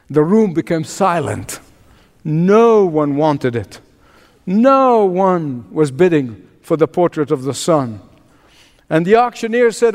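A male preacher tells a story in a sermon, slow and deliberate. His voice sits high and moves widely in pitch. A long church reverb trails his words. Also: a little mellow. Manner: dramatic, deliberate.

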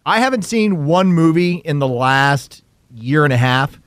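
A man's voice: a little high, lively intonation, unhurried, a bit bright, clean tone, no echo. A man co-hosting a podcast, teasing his partner and laughing often in casual banter. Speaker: podcast co-host.

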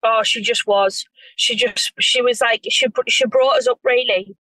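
Give me an effusive woman, slightly high-pitched, recorded dry and close. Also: fairly even intonation, normal speed, bright, forceful tone, dry recording, rough recording. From North East England. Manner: effusive, gushing, lots of restarts. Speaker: reality TV star guest. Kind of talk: casual chat.

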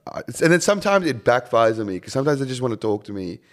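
A man's voice: mid-range voice, sing-song, rapid-fire. A young man, a DJ chatting casually on a podcast, swearing freely and acting out stories. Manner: swears a lot, acts out crowd scenes loudly. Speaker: touring DJ guest.

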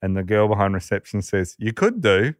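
Laughing frequently and doing the voices of the characters, an Australian man tells a rowdy anecdote in casual podcast chat. He speaks briskly at a fairly low pitch with big pitch swings, and the recording is dry.

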